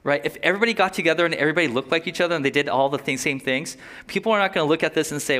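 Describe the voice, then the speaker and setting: Animated man preaching a casual sermon. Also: fairly high pitch. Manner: animated, conversational preaching with quick asides and laughs. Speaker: pastor.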